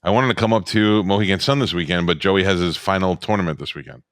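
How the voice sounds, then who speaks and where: A man's voice: low voice, fast, no room sound. A man co-hosting a podcast in casual chat, with dry, teasing banter. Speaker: podcast co-host.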